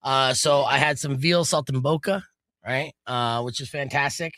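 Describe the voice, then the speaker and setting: A man's voice: medium pitch, normal speed, bright, forceful tone, no echo. A man hosting a radio talk show, chatting casually and loosely with many fillers. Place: radio studio. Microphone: studio mic.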